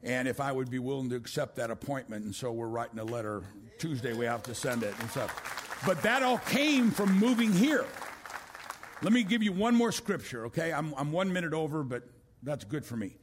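Husky-voiced older male preacher. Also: mid-range voice, animated, normal speed, a faint crowd. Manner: rising to loud exclamations, then dropping to a hush. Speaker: pastor. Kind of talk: sermon.

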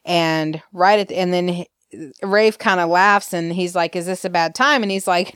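A woman's voice: fairly low pitch, steady tone, a little slow, fairly bright tone, clean tone, no room sound, studio quality. A woman from Alabama with a Southern accent, chatting casually as a podcast host and acting out quoted lines with laughs. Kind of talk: casual recap chat.

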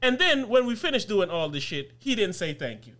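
A man co-hosting a podcast, telling an animated, profane story in casual chat and laughing often. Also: sits high, fairly quick. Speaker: podcast co-host.

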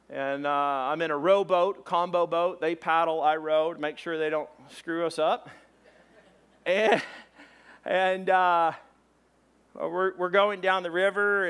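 A man preaching a sermon, telling a personal story with lively, animated delivery and raised voice for exclamations. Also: fairly high pitch, clear, resonant tone. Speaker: pastor.

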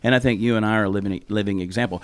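A man's voice: lowish voice, steady tone, very fast, clean tone, dry recording. Man, Southern Texas accent, folksy storyteller, casual podcast talk, dry close sound. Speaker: podcast host.

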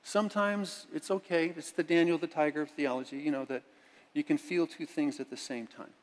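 A middle-aged man preaching a sermon as a pastor, moving between hushed reading and loud, emphatic lines. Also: on the high side, steady tone, normal speed. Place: church sanctuary. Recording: church sanctuary with long reverb.

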